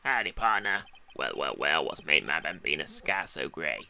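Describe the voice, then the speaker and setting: A man voicing a gruff cowboy security guard in a put-on Western drawl, folksy and swaggering. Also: extremely low pitch, big pitch swings, normal speed, bright, forceful tone, a little hiss or hum, voice pushed down, exaggerated voice.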